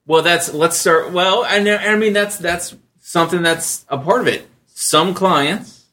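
A man in his thirties hosting a casual podcast, telling stories with lively energy and jumping high when he quotes other people. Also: a little slow. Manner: animated storyteller, jumps high when quoting others. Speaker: podcast host.

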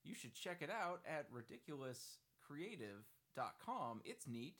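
A man doing a chipper clothing-line pitchman. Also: sing-song, unhurried, a bit bright, heavily acted. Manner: cheery, folksy, overly wholesome.

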